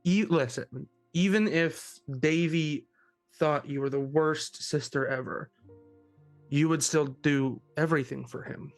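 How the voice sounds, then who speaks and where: A man's voice: fairly high pitch, a little slow, soft background music. A man playing Dominic, an earnest, kind boy who speaks up for caring about others.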